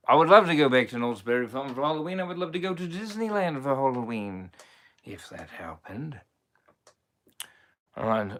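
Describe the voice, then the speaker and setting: Here a man's voice, on the high side and a bit bright, brings to life a swaggering pirate captain with a taste for rum. The clip is an in-character live stream chat in playful pirate lingo.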